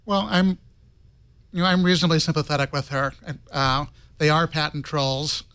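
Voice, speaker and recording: A man speaking as a guest on a tech panel, giving a calm, reasoned opinion. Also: on the high side, normal speed, clear, resonant tone, dry recording. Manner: calm, reasoned, even delivery. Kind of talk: measured opinion on a talk panel.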